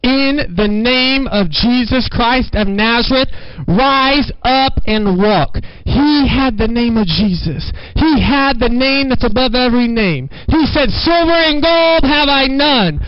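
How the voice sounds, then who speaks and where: High-voiced man preaching with fervor. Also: clear, resonant tone, dry recording, dull audio. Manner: preaching with rising fervor, repeating phrases. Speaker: pastor. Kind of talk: sermon.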